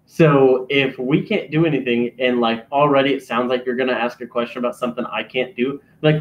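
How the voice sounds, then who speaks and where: A man's voice: mid-range voice, steady tone, a little fast, hardly any pauses, slight background noise. A man with a twang swears his way through a story about work calls and plays every part himself. He sits in a casual podcast chat, and his mic sounds a little dull and lo-fi. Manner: profane storytelling, acting out both sides of phone calls. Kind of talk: crude casual podcast banter.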